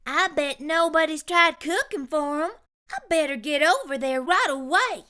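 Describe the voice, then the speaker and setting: A woman voicing a plucky, eager little girl cook in a storybook, with a brisk, determined way of talking. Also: high voice, lively intonation, sharp tone, pitched above the performer's own voice.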